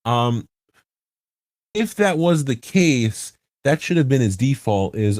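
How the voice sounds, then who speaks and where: A man's voice: medium pitch, animated, takes it slowly, no room sound. A man hosting a casual podcast, rambling and correcting himself as he builds his points with rhetorical questions. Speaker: podcast host. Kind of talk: casual podcast chat about online game politics.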